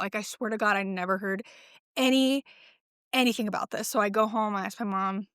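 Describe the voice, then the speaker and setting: A woman's voice: fairly high pitch, quick pace, fairly bright tone, no echo, studio quality. Chatty swearing woman in her twenties. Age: 20s. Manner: chatty, swears often, many "like" fillers. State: pregnant. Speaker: podcast host. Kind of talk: casual solo chat.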